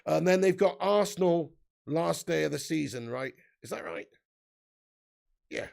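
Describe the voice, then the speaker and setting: A man's voice: a little high, animated, measured pace, gravelly, a little mellow. A man hosting a casual live football stream, chatting, reading the live chat aloud and laughing often.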